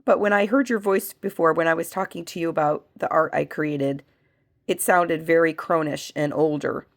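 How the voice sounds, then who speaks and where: A woman who has a cold, working as a medium, leads a spiritual pendulum reading and asks slow yes-no questions that she answers herself. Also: low-pitched, fairly even intonation. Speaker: medium and reiki practitioner.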